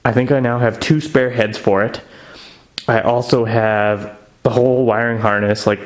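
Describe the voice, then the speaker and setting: A man's voice: medium pitch, fairly even intonation, moderate pace. A young man chatting casually and eagerly about his car project in his home garage, with lots of filler words.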